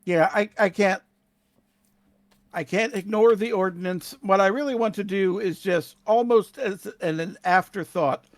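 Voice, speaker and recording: A man's voice: high voice, unhurried, dry recording. A man playing a tabletop game, describing his character's moves in detail and laughing easily. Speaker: player.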